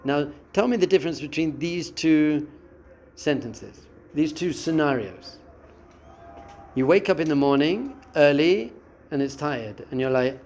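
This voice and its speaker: There's a little hiss or hum behind this rabbi as he teaches a class in an unhurried, fairly high voice. Expressively, he acts out the voices in a listener's head and quotes them during his spiritual lesson.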